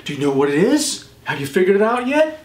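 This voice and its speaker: A man hosting a children's show, quizzing young viewers and praising each answer warmly. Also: very animated, a little fast, very noisy. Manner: encouraging, praises often, pitch jumps on answers. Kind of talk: quiz for children. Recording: echoey room.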